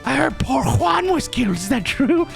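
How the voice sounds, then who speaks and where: A man's voice: very high-pitched, sing-song, moderate pace, vocal fry, faint music behind, pitched above the performer's own voice, exaggerated voice. A man voicing a vain, pushy old woman who scolds and rambles, for a game playthrough. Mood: haughty, rambling.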